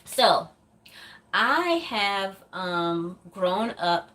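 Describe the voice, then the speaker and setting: A woman's voice: mid-range voice, very animated, extremely slow, bright, forceful tone. A woman vlogger from the United States chatting casually to her viewers, rambling with lots of fillers and little laughs. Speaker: doll customizing vlogger.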